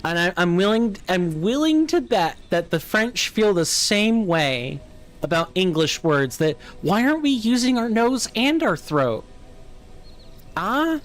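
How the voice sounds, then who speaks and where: A man's voice: high voice, animated, measured pace, fairly bright tone, clean tone. Chatty General American man streaming a game. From United States. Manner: chatty, musing, answers chat aloud. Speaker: let's play streamer. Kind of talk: casual live gameplay chat.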